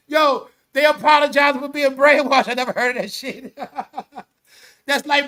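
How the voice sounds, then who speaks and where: A man's voice: very high voice, a little slow, bright, forceful tone. A man giving casual, profane vlog commentary and breaking into laughter often. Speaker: online commentator.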